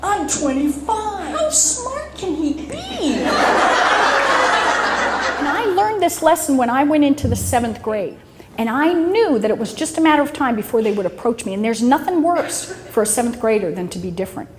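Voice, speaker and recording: A woman's voice: high voice, very animated, moderate pace, a little mellow. A woman in her fifties giving a humorous speech, telling comic stories and laughing often. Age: 50s. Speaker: motivational speaker. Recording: echoey hall with background noise.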